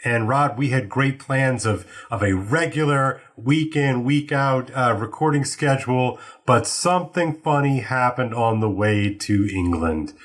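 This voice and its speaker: A man hosting a podcast, informal and curious, breaking in with quick questions. His voice is husky and a little breathy. It sits at an ordinary middle pitch. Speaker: host. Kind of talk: casual podcast conversation.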